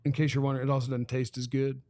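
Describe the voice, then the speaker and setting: A man's voice: mid-range voice, flat delivery, rapid-fire, warm tone, no room sound. A man co-hosting a podcast in casual chat, joking dryly and arguing points. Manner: dry, joking, argumentative. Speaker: podcast co-host.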